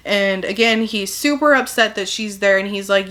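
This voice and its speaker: A woman talks through a novel's story for her viewers, chatty and loose, leaning on "like" between thoughts. Her voice is bright and forward, at a middle pitch for a woman. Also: normal speed. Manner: chatty, peppered with "like", acts out quotes. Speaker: book reviewer. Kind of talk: casual plot summary.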